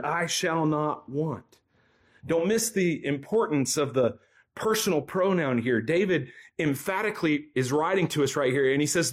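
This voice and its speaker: A man preaching as a guest pastor in a church, earnest and prayerful, with emphatic repetition. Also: a little high. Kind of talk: sermon.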